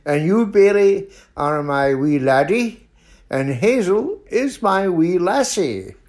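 Slow Scottish grandpa reading a bedtime story. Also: male voice, high-pitched, big pitch swings. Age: older. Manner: very slow, warm lilting storytelling.

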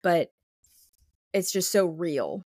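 A woman's voice: on the low side, big pitch swings, slow, darkish tone, no echo, clean studio sound. A young woman co-hosting a podcast, rambling emotionally about a book she loved. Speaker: podcast co-host. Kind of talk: casual book chat.

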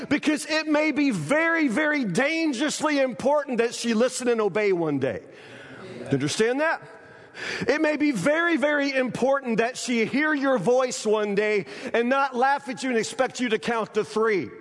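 Preacher, high voice, hall echo. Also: male voice, animated, normal speed, a bit bright. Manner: emphatic, repeats phrases, often asks the congregation "you understand?". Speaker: pastor. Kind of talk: sermon. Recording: church hall reverb.

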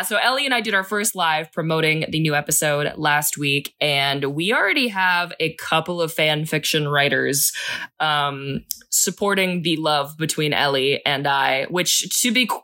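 A woman's voice: low-pitched, normal speed, sharp tone. A woman co-hosting a podcast in casual chat, teasing and joking in banter. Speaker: podcast co-host.

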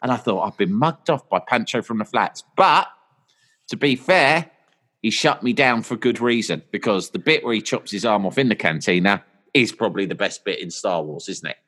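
A man, a podcast guest telling long, animated stories and putting on voices for his friends in quotes. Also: lowish voice, normal speed. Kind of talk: casual storytelling.

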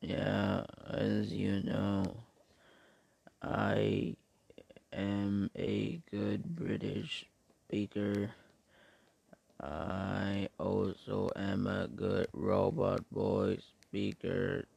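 Male podcast host, worn out and sleepy, low gravelly voice, flat mechanical delivery, very dry sound. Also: dry recording. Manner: slow, flat, deliberate robot-like monotone. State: sleepy and tired. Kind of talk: casual solo podcast.

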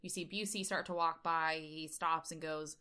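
A woman's voice: deep voice, normal speed, smooth. A woman co-hosting a casual podcast, recapping a film in a playful way and sometimes mimicking characters. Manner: animated, playful, does mock voices of characters. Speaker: podcast co-host. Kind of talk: casual movie-discussion chat.

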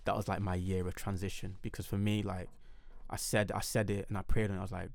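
A young man telling his story in a casual podcast chat, animated and emphatic. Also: low-pitched, a little fast, vocal fry, dry recording, studio quality. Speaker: podcast guest.

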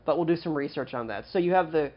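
Here a podcast host makes self-deprecating jokes during easygoing chat in a small studio, rattling off promo patter quickly. He speaks at a fairly high pitch over a muffled recording.

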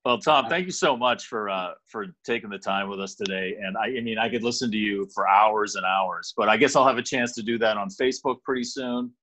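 A man's voice: lowish voice, a little fast, few pauses, sharp tone. A male podcast host thanking his guest in a rambling, effusive way. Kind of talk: casual interview chat.

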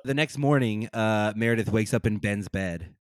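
A man co-hosting a film podcast, recapping scenes in a lively, chatty way and laughing often. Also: lowish voice, moderate pace, dry recording, studio quality. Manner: animated, laughs often, acts out quotes. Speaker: podcast co-host. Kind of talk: casual film discussion.

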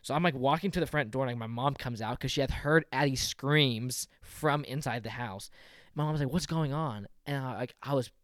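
A man's voice: medium pitch, fairly quick, a bit bright, dry recording, studio quality. Rambling young man, "like" after every word. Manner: rambling, says "like" constantly, swears a lot. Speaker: storyteller in a chat with friends. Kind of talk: casual chat.

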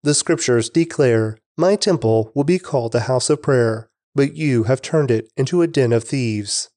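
A man reading the lines of Jesus, a calm adult male teacher, in an even, earnest scripture reading. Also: mid-range voice, normal speed, no room sound, clean studio sound, natural voice.

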